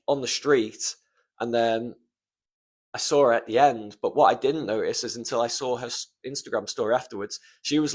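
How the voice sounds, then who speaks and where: Young male podcast host, casual solo storytelling, emotional and near tears, rambling with frequent swearing. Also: medium pitch. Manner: emotional, swears often, trails off with ums. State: choked up, close to tears.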